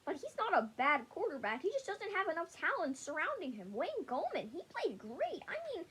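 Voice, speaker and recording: Very high-pitched woman ranting about sports. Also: wildly swooping pitch, moderate pace, a bit bright. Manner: blunt and rambling, stumbles and restarts often. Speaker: sports vlogger. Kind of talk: casual sports opinion rant.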